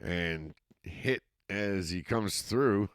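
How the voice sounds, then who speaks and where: Male play-by-play announcer, Massachusetts accent, low voice, dry close mic. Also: extremely slow, clear, resonant tone, no echo. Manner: steady play-by-play, rising excitement on scoring plays. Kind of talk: youth football commentary.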